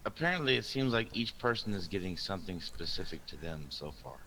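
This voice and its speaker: A man's voice: low-pitched, expressive, fairly quick, pushed and bright, low-quality recording. A man playing a tabletop game, laying out the options methodically. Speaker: player. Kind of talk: casual tabletop game chat.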